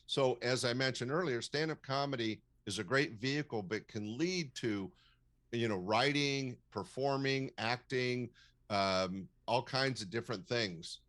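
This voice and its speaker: An older man, a comedy club owner, giving advice in a measured, storytelling interview with frequent fillers. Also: mid-range voice, a bit bright. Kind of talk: casual interview talk, advising.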